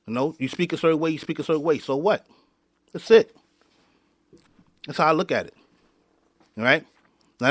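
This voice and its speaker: Man, high voice, dry close sound, heated podcast rant, stumbling repeats. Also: fairly bright tone, no echo. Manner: fired up, repeats and restarts words often. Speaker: podcast host.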